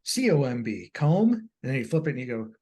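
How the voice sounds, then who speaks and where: A man's voice: mid-range voice, fairly quick, husky. A man co-hosting a podcast, telling stories with animation and acting out the people he quotes. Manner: animated storyteller, acts out quotes. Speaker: podcast co-host. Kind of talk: casual chat.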